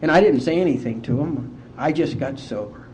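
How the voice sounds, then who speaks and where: Mellow-voiced man telling a heartfelt story. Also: medium pitch, fairly quick, slight background noise. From West Virginia, US. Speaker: AA speaker. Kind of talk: personal recovery story told to a conference. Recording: dull lo-fi conference tape.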